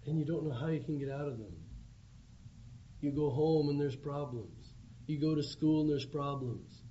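Man, preacher, evangelistic sermon, earnest pleading, mellow voice, faint background noise. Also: a little high, normal speed. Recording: dull lo-fi recording with faint background hum.

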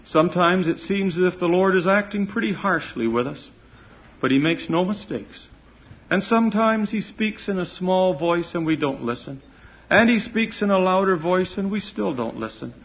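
Earnest preaching man, muffled recording. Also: fairly high pitch. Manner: earnest, emphatic, swells on key words. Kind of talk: sermon.

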